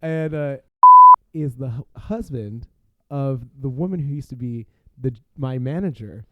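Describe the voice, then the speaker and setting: A man's voice: medium pitch, measured pace, no room sound, dull audio. A man telling a wild party story as a podcast guest. He talks casually with lots of fillers and breaks into laughter. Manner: animated, laughing, filler-heavy.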